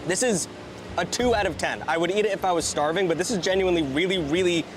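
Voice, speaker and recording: Fast-talking, excitable man reviewing food. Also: sits high, a little hiss or hum. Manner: excitable and profane, quick asides. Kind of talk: casual video review.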